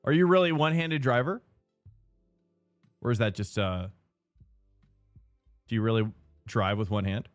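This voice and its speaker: A man's voice: medium pitch, animated, normal speed, long pauses, no echo, faint music behind. A young man streaming a sim race live, rambling and chatting with viewers. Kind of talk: live stream chat while racing.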